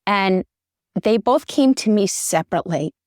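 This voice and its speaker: A woman's voice: medium pitch, expressive, moderate pace, darkish tone, no echo, studio quality. A middle-aged woman, a journalist and interview guest, talking earnestly and getting choked up. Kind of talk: conversational interview.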